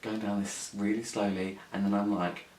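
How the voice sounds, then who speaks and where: A man's voice: on the low side, level tone, moderate pace, a little mellow. A young man telling a story on his vlog, sweary, rambling and indignant. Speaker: vlogger. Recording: echoey room, mic at a distance, faint hiss.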